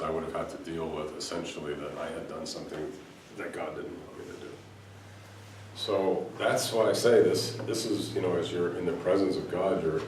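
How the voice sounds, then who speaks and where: Deep voiced guy giving a sufi talk, earnest storytelling, roomy echo, mic a bit far off. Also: slight background noise. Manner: earnest, storytelling with many restarts. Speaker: Sufi teacher. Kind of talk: spiritual talk to a gathering. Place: hall in front of an audience. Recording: echoey room, voice from a distance.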